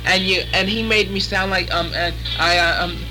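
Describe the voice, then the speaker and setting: A man's voice: high-pitched, steady tone, moderate pace, over music, natural voice, low-quality recording. A man mocking himself by voicing a flustered, bumbling young man who stammers through endless ums and uhs. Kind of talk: comic taped home recording.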